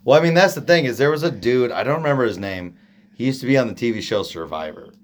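Oregon guy rambling on a podcast, jokey, keeps trailing off, normal pitched voice. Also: lively intonation, quick pace, a little hiss or hum. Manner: rambling, joking, trails off mid-sentence. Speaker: podcast co-host. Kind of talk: casual chat.

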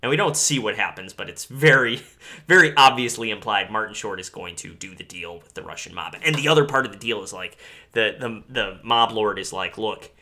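A man's voice: fairly low pitch, a little fast. A man co-hosting a podcast, chatting casually about a movie. He swears freely and slips into goofy voices for the characters. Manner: animated, profane, does silly impressions of characters. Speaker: podcast co-host. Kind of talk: casual chat recapping a movie.

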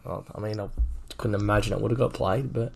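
A man's voice: on the low side, steady tone, quick pace, creaky, a little mellow, breathy edge. An Australian man co-hosting a podcast, reading listener questions in laid-back, wry casual banter.

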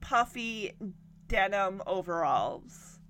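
A young woman casually recapping a TV episode, with animated and indignant storytelling. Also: mid-range voice, takes it slowly. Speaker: TV show recapper.

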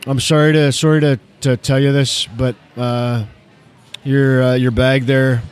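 A man voicing a gentle, apologetic male doctor who speaks with a Canadian accent. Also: medium pitch, flat delivery, measured pace, clear, resonant tone, soft background music, natural voice. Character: polite, friendly male doctor with a Canadian lilt.

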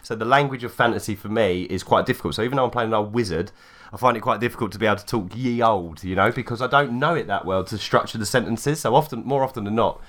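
An English man co-hosting a casual podcast about tabletop role-playing, agreeable and quick to laugh. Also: lowish voice, a bit bright. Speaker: podcast co-host.

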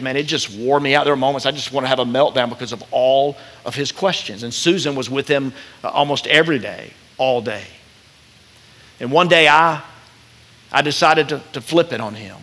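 A man preaching a sermon as pastor, animated as he acts out quoted voices and dropping soft and slow at tender points. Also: mid-range voice.

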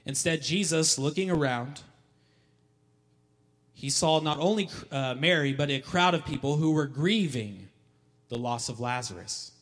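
A man's voice: on the high side, lively intonation, measured pace, pauses often. Emphatic male pastor in a reverberant hall. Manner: emphatic, repeats lines for effect, rising to shouts. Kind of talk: sermon. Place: church hall.

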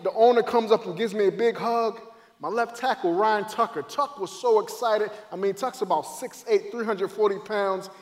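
A former football player gives an emotional testimony of faith, dramatically acting out moments as his voice shifts between loud and hushed. His voice sits high, and a long reverb tail trails his words.

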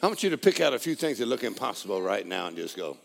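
A male preacher with a heavy rasp and fry in his voice, leading a congregation through a sermon. He trades calls and responses with them, sinking to hushed, intimate lines and climbing to shouted, almost sung praise. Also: sing-song, fast. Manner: call-and-response preaching, swings from low murmurs to shouted praise.

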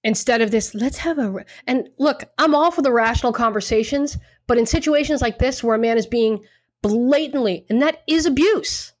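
A woman's voice: a little high, moderate pace, no echo. Outspoken woman cohost, swears a lot, punchy, dry sound. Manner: blunt, profane, emphatic. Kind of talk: casual chat.

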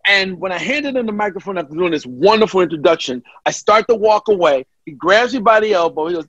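A man's voice: high voice, quick pace, hardly any pauses, no echo, highs cut off. A man, a guest comedian, telling a story in casual chat and acting out the people he quotes. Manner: animated, acts out quoted voices.

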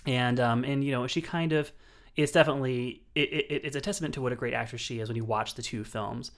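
A man's voice: mid-range voice, fast. A man co-hosting a film podcast, talking about movies with enthusiasm and frequent restarts. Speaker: podcast co-host. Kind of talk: casual film review chat.

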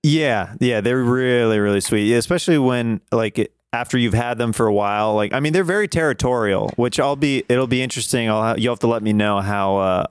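A man's voice: medium pitch, brisk, hardly any pauses, clear, resonant tone, dry recording. A young man hosting a podcast over a video call, chatting casually and rambling with fillers and laughs. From Kansas. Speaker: podcast host. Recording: dry close sound.

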